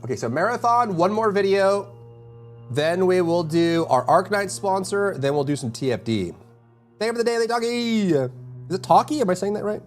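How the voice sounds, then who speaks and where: Man, full-time streamer, casual chat with viewers, rambling, hums to himself, fairly high voice, very lively pitch. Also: moderate pace, soft background music. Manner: rambling, hums and mutters to himself between thoughts.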